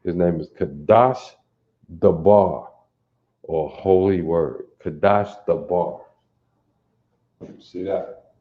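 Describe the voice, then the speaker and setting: A man's voice: low-pitched, slow, long pauses, reverberant, phone-quality sound. A man from teaching a livestreamed Bible class, quizzing his listeners and repeating phrases over and over to drill them. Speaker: religious teacher.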